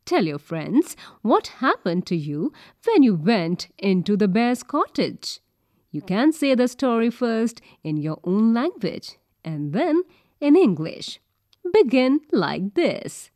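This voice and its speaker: Slow, clear woman reading lesson prompts. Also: a little high, sing-song, a little mellow, no room sound, studio quality. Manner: clear, careful classroom delivery. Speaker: textbook reader.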